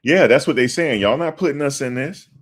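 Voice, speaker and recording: A man doing casual commentary on a livestream. He talks in an animated, slangy way and repeats himself for emphasis. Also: medium pitch, fairly quick.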